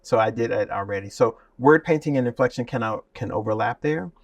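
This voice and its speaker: A man speaking as a guest and voice teacher in an interview, lively and demonstrative, often laughing. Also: mid-range voice, a little fast, no echo, distant mic. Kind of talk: animated interview talk with spoken demonstrations.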